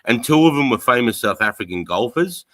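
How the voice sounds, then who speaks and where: Sweary Australian bloke, bright voice. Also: male voice, medium pitch, expressive, a little fast, low-quality recording. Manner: swearing, blokey, laughs while retelling. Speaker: livestream host. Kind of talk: casual chat.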